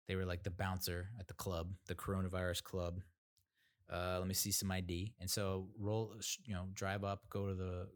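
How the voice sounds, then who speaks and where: A man hosting a podcast, telling a story in a rambling, sarcastic way with lots of fillers. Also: low-pitched. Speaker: podcast host. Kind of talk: casual storytelling monologue.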